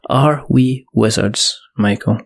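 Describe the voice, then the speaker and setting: A man's voice: on the low side, slow pace, creaky. A man hosting a podcast, wrapping up with teasing, rambling jokes. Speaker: podcast host. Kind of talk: casual podcast chat and sign-off.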